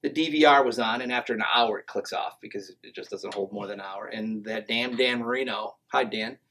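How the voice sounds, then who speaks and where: A man's voice: lowish voice, a little fast, poor audio. Joking man telling tall tales. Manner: joking, self-mocking, deadpan tall tales. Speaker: podcast guest, triathlete. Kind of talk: casual joking storytelling. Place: podcast studio.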